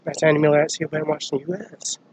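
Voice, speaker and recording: A man's voice: fairly high pitch, completely flat delivery, very fast, darkish tone, slight background noise, low-quality recording. An agitated man delivering a rambling, profane complaint that jumps from topic to topic.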